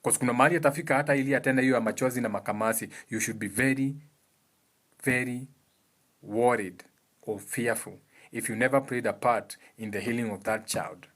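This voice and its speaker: A man's voice: mid-range voice, fairly quick, fairly bright tone. A man with a Kenyan accent giving a casual motivational talk about emotions. He explains things earnestly and repeats his key points for emphasis. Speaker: speaker giving advice on emotions.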